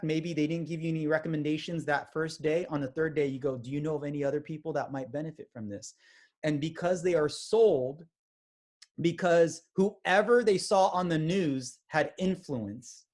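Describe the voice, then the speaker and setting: A man giving a motivational sales training talk, energetic and acting out quoted conversations. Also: a little high. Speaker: business trainer.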